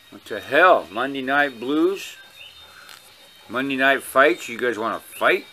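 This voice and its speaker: A man's voice: mid-range voice, very animated, takes it slowly, bright, forceful tone, a little hiss or hum. A man with a Hawaiian accent talking casually to his viewers at home, rambling, blunt and profane. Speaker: vlogger.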